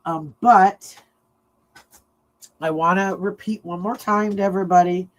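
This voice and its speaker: A woman's voice: fairly low pitch, fairly even intonation, a little slow, low-quality recording. A middle-aged woman chats casually into a home microphone while hosting a livestream. She tells rambling stories and keeps breaking into laughter. Her talk is loose and friendly, with plenty of restarts. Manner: chatty, laughs often while telling stories. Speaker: true crime livestream host.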